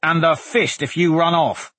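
A man voicing a brash, restless young swordsman in a storybook reading, loud and teasing. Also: fairly high pitch, fairly even intonation, unhurried, dry recording, voice pushed up.

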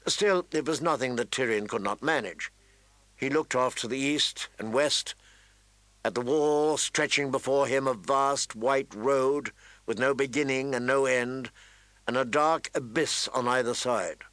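An audiobook narrator, a man, reads a novel aloud from a script in a measured, even storytelling style. His voice is mid-range, and the recording has no echo.

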